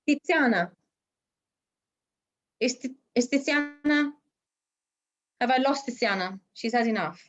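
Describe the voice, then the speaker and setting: A woman's voice: fairly high pitch, animated, measured pace, pauses often, lo-fi sound. A woman teaching an online English class, explaining at length with many fillers over a video call.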